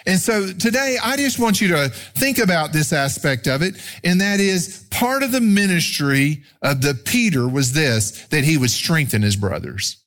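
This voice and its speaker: A man's voice: a little high, animated, a bit bright. Emphatic man preaching a sermon. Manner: slow, emphatic scripture reading with rising stresses. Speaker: pastor.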